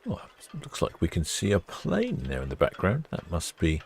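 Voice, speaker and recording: Very deep-voiced man, chatty. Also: huge pitch swings, normal speed, creaky, a little mellow, slight background noise. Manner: chatty, musing aloud, wry. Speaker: live stream host. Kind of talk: casual live commentary reading viewer comments.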